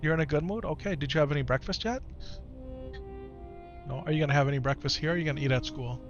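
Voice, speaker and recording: A man in his thirties at home, talking gently and patiently to his young son, then chatting casually with his live-stream viewers. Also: fairly high pitch, fast talker, highs cut off. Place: home, in the morning. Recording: clear background music under voice. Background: music.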